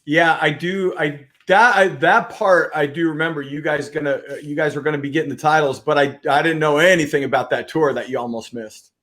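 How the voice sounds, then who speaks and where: A man's voice: on the high side, steady tone, brisk, few pauses, fairly bright tone. A man hosting an interview podcast, talking casually with lots of restarts. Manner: rambling, many fillers and restarts. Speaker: podcast host.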